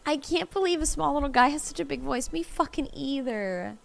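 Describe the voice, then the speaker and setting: A woman's voice: high voice, lively intonation, brisk, vocal fry, hardly any pauses. A woman streamer in casual chat with her viewers, playful, laughing and swearing freely.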